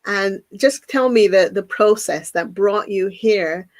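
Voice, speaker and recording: A woman hosting an interview, asking her guest questions in a gentle, halting way. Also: medium pitch. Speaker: podcast host.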